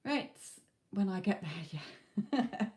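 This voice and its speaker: A woman giving a live tarot reading, tired and a bit hoarse from talking all night. Her voice is mellow and dark, with a middling pitch. She chats along in a reassuring way, dropping "okay" and "you know" as she goes. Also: animated, slow. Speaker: tarot reader.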